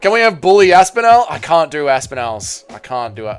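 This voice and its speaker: A man's voice: medium pitch, a little fast, hardly any pauses, smooth, soft background music. A man with an Australian accent who streams live, chatting casually with his viewers and swearing freely. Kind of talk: casual livestream reaction chat.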